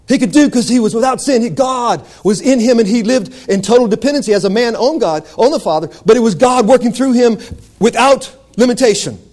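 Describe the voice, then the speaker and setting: A male preacher giving a fervent sermon, repeating phrases and building to shouts. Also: very high voice.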